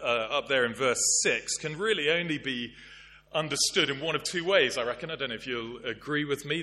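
Guy giving a sunday sermon, bright tense voice, slow emphatic phrasing. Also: medium pitch, a little hiss or hum. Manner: measured, emphatic delivery with slow stressed phrases. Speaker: preacher. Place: church service.

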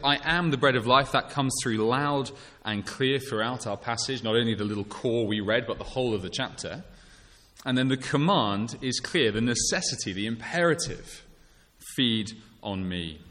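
A man delivers a Sunday evening sermon in a measured, conversational manner. He often pauses on a filler or restarts a phrase. His voice hangs in the long reverb of a church hall, at a middling pitch for a man. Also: sharp tone. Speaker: preacher.

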